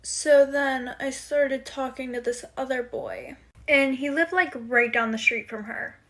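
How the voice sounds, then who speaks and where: A woman's voice: sits high, unhurried, a bit bright. Chatty young woman telling a friendship story. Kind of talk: casual storytime.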